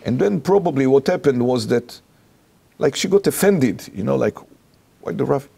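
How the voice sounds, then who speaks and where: A man with an Israeli accent, a rabbi and interview guest, telling a personal anecdote in animated, halting, non-native English. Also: mid-range voice, gravelly, husky.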